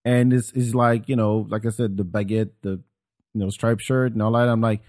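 A man from France with a French accent, hosting a podcast in casual chat, animated and swearing freely, with many restarts. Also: fairly low pitch, moderate pace. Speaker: podcast host.

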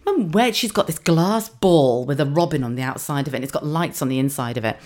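Low-voiced, sweary chatty woman. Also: big pitch swings, fast talker. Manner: chatty, sweary storytelling with frequent laughs. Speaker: podcast host. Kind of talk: casual monologue.

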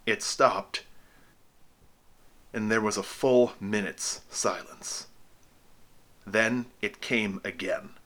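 Low-voiced guy reading a spooky story slow and steady. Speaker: narrator. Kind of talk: audiobook horror reading.

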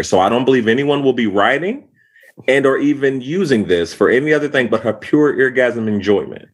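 A man on a casual panel, reading aloud and speaking in a deadpan, matter-of-fact way. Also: medium pitch, fairly quick.

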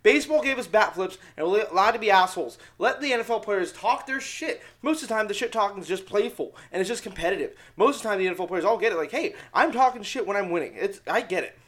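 A young man with a fairly high voice hosts his sports podcast in a loose, rambling way. He gets loud and excitable and swears all the time. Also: fast, few pauses. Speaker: podcast host. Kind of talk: casual sports podcast chat.

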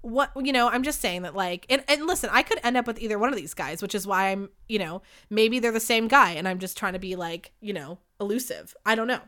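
A young woman hosting a casual solo podcast, telling stories in a chatty, candid and animated way with plenty of swearing. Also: mid-range voice, brisk, hardly any pauses. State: sick. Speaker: podcast host.

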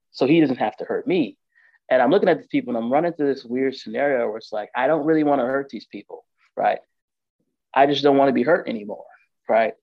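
A man casually telling an emotional personal story, candid and animated, acting out the lines of the people in it. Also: mid-range voice, no room sound, dull audio. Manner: emotional, candid, animated retelling with quoted dialogue. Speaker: guest telling his story.

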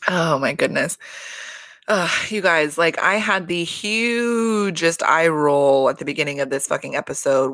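Young female recap host, lower voice, gossipy, profane, dry close-mic sound. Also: fairly bright tone, no room sound. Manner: profane, gossipy, exasperated, lots of fillers. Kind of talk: casual chat.

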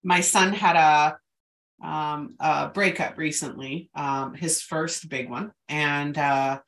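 Middle-aged lady hosting a chat, rambles through stories with lots of ums, lowish voice. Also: fairly even intonation, takes it slowly, fairly bright tone, far from the mic, slight background noise. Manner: chatty storyteller, lots of fillers and asides. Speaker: host. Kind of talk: casual chat.

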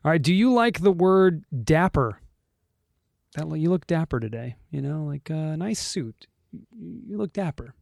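A man hosting a casual podcast chat, asking quick questions, laughing often and repeating words. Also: a little high, expressive, vocal fry, a little mellow, dry recording. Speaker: host.

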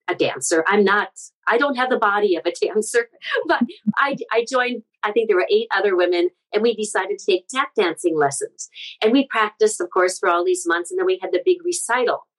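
A middle-aged woman from the Midwest, a guest speaker sharing personal stories in an interview, earnest and animated. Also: mid-range voice, poor audio. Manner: earnest, animated storyteller with frequent restarts. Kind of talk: conversational interview storytelling.

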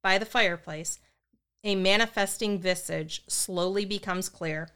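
Smooth-voiced woman narrating a story. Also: mid-range voice, unhurried, sharp tone.

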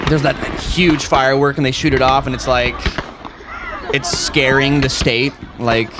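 A man's voice: mid-range voice, little pitch movement, unhurried, heavy background noise. A man co-hosting a podcast, chatting casually and rambling with lots of fillers. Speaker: podcast co-host. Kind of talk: casual chat.

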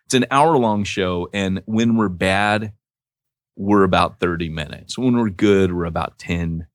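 A man's voice: sits low, unhurried, no room sound, clean studio sound. A man co-hosting a podcast in casual chat, joking and playful with lots of laughing. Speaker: podcast co-host.

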